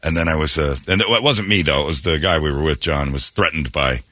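A man's voice: rumbling low, brisk. A man hosting a radio morning show, telling a story casually and acting out the people in it. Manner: animated, acts out the people in his stories.

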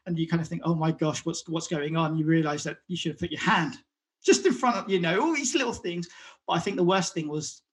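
High-voiced man, halting and earnest. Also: animated, fairly bright tone. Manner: halting, repeats words, acts out quotes. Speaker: guest. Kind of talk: conversational interview.

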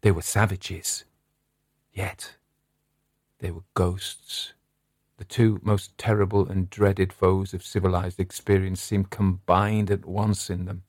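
Deep voiced guy reading an old horror story, slow and dramatic, very dry sound. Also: darkish tone, dry recording. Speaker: narrator. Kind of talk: scripted narration of a Victorian horror story.

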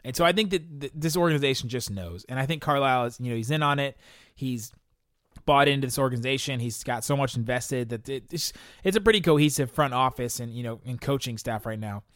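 This young man hosts a relaxed podcast, meandering through listener questions with frequent laughter, restarted sentences and lots of fillers. He sounds brisk and fairly bright at a normal middle pitch, dry and close-miked with no room sound.

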